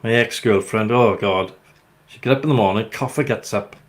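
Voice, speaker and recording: A man's voice: lowish voice, moderate pace. An older man with a Welsh accent, hosting a casual chat and telling rambling, jokey stories. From Wales. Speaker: host.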